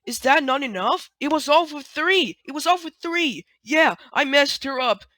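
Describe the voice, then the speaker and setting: A speaker reading out the lines of a remorseful cartoon creature, pleading and repeating itself, a little higher than their own voice. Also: animated, moderate pace, bright, forceful tone, dry recording. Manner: pleading, repetitive.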